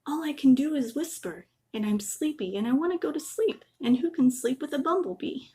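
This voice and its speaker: A woman's voice: animated, fairly quick. A woman voicing a small, sleepy male rabbit who can only whisper, in a storybook reading. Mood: sleepy worried. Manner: soft high whisper.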